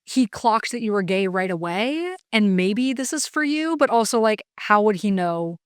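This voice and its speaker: A woman's voice: mid-range voice, expressive, normal speed, smooth, dry recording, clean studio sound. A woman hosting a podcast in casual chat, curious and asking short questions. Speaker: podcast host.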